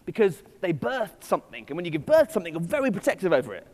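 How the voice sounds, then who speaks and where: A man's voice: high voice, big pitch swings, rapid-fire, a little mellow. A man giving a witty, digressive keynote talk at a conference. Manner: witty, digressive, self-deprecating. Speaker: conference speaker. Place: conference hall. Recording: hall reverb from stage.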